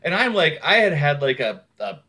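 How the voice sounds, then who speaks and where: A man with a somewhat high voice tells a personal story in easy, casual conversation. He talks frankly and swears freely. He acts out the lines of the people in his story. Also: moderate pace. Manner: animated, acts out other people's words.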